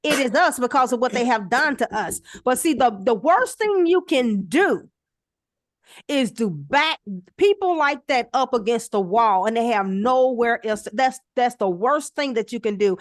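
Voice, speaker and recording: A woman's voice: on the high side, animated, a little slow, no room sound, clean studio sound. A woman in casual discussion as co-host, telling stories with animation and acting out the exchanges she quotes.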